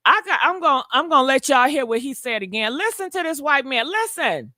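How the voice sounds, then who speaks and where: A woman's voice: high-pitched, very animated, fairly quick, sharp tone, no echo. A woman hosting a gossip channel, chatting dramatically straight to her viewers with lots of exclamations. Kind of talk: casual gossip commentary.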